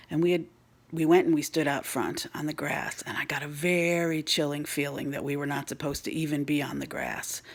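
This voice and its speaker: Hushed woman with gravelly voice. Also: low voice. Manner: hushed, often whispering. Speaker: storyteller. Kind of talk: spooky true ghost story.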